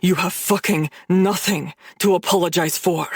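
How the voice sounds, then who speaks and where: A woman narrator voicing a dangerous, menacing man who growls and rasps in a low voice. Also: fairly even intonation, normal speed, no echo, clean studio sound. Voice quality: growling, rasping.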